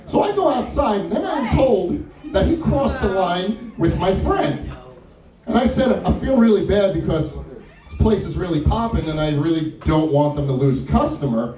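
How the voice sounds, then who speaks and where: A man performing stand-up, telling a story in an animated way and acting out the other people's lines. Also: high voice, normal speed. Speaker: stand-up comedian. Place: small wine lounge stage. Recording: echoey room with mic far off, crowd audible. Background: audience laughter and crowd chatter.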